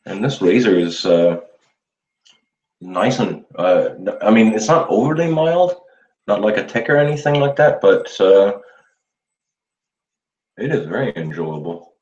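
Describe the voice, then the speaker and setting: A man hosting a casual live show, chatting in a relaxed, rambling way with his viewers while he shaves. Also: fairly low pitch, unhurried, long pauses. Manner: relaxed, rambling, chuckles often, talks to viewers. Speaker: livestream host. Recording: roomy dull lo-fi sound.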